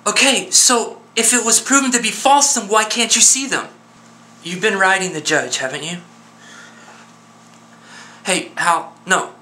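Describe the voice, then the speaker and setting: Worried male friend on the phone, played by a man: earnest, coaxing, insistent, with a bright, forceful voice. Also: on the high side. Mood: concerned. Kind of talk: one-sided phone call drama.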